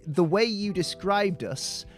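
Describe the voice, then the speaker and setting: A man's voice: high voice, animated, slow pace, faint music behind. A man with a Northern English accent, from Manchester, chatting as a podcast guest in a self-deprecating way, often stammering and restarting. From Manchester, England. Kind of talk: casual interview chat.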